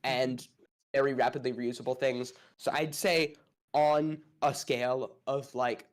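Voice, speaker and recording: A man's voice: medium pitch, flat delivery, a little slow. A man arguing one side of a casual space debate, hedging and thinking aloud with many fillers.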